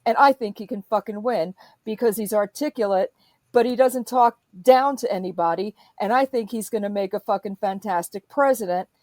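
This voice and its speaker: A woman's voice: mid-range voice, normal speed, a little mellow, dry recording. A woman in a profane, emphatic political rant, speaking as a podcast host.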